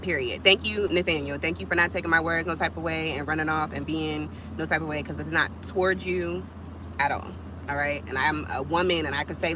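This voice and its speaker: A woman's voice: sits low, steady tone, brisk, background noise. Fired-up woman venting on a livestream. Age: adult with kids. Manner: blunt, profane, fired up, talks straight to viewers. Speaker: vlogger on a livestream. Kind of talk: heated livestream vent.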